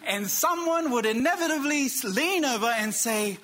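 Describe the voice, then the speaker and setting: A man preaching a sermon, telling a story with dramatic pauses and calling out to the congregation. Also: very high-pitched, lively intonation, pushed and bright. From Australia. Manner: dramatic pauses, quotes characters, calls for amen.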